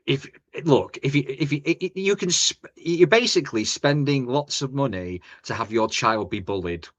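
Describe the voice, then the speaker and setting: A man's voice: mid-range voice, animated, moderate pace. A man, co-hosting a podcast in a chatty, rambling football chat full of restarts and tag questions. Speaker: podcast co-host.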